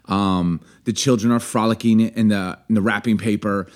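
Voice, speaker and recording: A man's voice: fairly low pitch, steady tone, normal speed. A man co-hosting a casual podcast with his wife, playful and joking. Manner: playful, jokey, breaks into song and silly voices. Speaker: podcast co-host. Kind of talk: casual chat.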